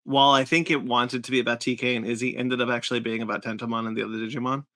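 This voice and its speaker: A man's voice: mid-range voice, rapid-fire, no echo. A man co-hosting a podcast in casual chat, earnest, often restarting his sentences. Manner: earnest, stumbles and restarts when excited. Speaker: podcast co-host.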